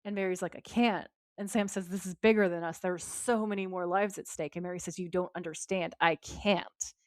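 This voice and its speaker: A woman co-hosting a podcast, retelling a TV episode with lively quoted lines in casual chat. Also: fairly low pitch, fairly quick, no room sound, clean studio sound. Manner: lively retelling, quoting characters in her own voice. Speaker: podcast co-host.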